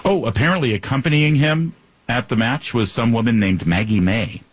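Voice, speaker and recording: A man's voice: medium pitch, normal speed, slightly rough, no echo. A male talk radio host delivering a sarcastic, joking monologue into a studio microphone.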